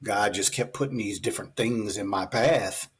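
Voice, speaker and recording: A man's voice: lowish voice, normal speed, breathy edge. A man, a physician guest on a talk show, telling his story in a loose, chatty way with many fillers. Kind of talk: conversational storytelling interview.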